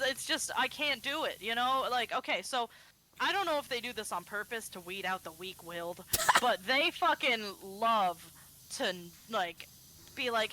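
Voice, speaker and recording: A bright, sharp-toned woman streamer chatting casually over a game. Her pitch swings widely as she acts out both sides of phone calls in an animated storytelling way, and a faint ambient hiss sits behind her voice. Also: rough recording. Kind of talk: casual chat while gaming.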